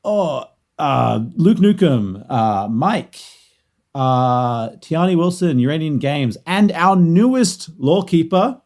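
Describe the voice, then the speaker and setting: A man's voice: on the high side, expressive, slow, darkish tone. A man co-hosting a podcast in casual chat, laughing often and reading out thanks and the sign-off. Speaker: podcast co-host.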